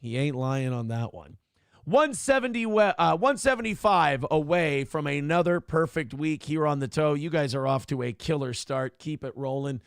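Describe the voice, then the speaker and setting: A man's voice: fairly high pitch, animated, normal speed, creaky, clean tone, no room sound, clean studio sound. A man hosting a casual live stream, reading chat messages aloud and reacting in a profane, sarcastic, rambling way. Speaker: show host.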